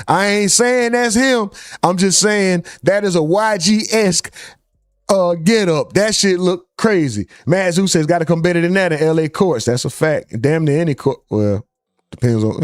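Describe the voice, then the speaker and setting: A man's voice: sits high, clean tone, no echo, clean studio sound. A man hosting a live stream, casually reading out chat comments and joking with viewers. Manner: loose, joking, reads chat names aloud.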